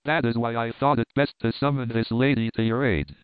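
A shrewd, composed detective lays out his reasoning in measured phrases, as a male reader plays him. The voice is smooth but comes through dry and tinny, like a phone line. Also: medium pitch, fairly even intonation, dry recording, natural voice. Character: calm, shrewd male detective, middle-aged.

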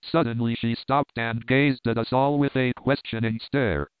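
A man reading a classic story aloud as narrator, in steady, clear storytelling. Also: mid-range voice, normal speed, hardly any pauses, no room sound. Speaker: audiobook reader. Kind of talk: scripted narration. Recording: dry tinny phone-like sound.

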